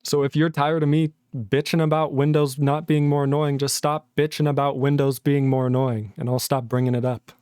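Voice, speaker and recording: A man's voice: medium pitch, little pitch movement, normal speed, hardly any pauses, a little mellow, clean tone, no room sound, clean studio sound. A man livestreaming while he codes, ranting in an exasperated, sarcastic way, swearing often and mocking other people in put-on voices. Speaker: livestreaming programmer. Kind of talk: ranting casual stream talk.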